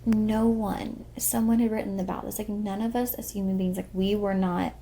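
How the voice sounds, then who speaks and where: A woman's voice: mid-range voice, little pitch movement, moderate pace, dark tone, slightly rough. A young woman co-hosting a podcast, talking earnestly in a rambling casual chat full of fillers. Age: young adult. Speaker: podcast co-host.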